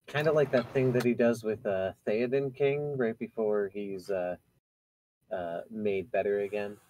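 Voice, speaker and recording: A man's voice: on the low side, fairly even intonation, unhurried, dark tone, low-quality recording. A man playing in a tabletop game, chatting casually and teasing the others.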